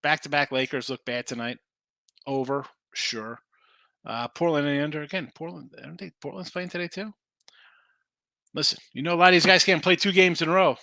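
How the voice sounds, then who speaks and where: A man's voice: fairly high pitch, steady tone, a little fast, creaky, sharp tone, dry recording, clean studio sound. A man hosting a sports betting show, casually running through picks and answering viewers. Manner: loose, rambling, answers chat comments. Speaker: sports betting podcast host.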